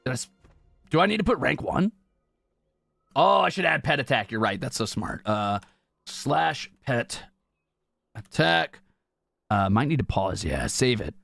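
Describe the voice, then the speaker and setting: A young man streams a game, joking playfully with viewers in a gravelly, slightly bright mid-range voice whose pitch swings widely. He speaks at a measured pace, pauses often, and drifts into mumbling while typing. The close streaming mic gives a dry sound with soft background music.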